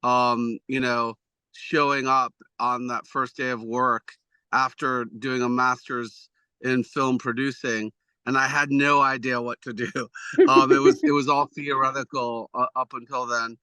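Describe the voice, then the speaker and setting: A man's voice: medium pitch, flat delivery, a little slow, sharp tone, clean tone, no room sound. A man, an executive producer, answering interview questions in a rambling, self-deprecating way with many restarts.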